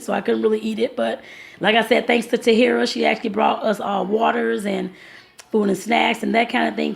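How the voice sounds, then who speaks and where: A woman's voice: medium pitch, gravelly. A woman vlogger casually telling viewers about her day, rambling and chatty, laughing often and calling them y'all. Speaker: travel vlogger.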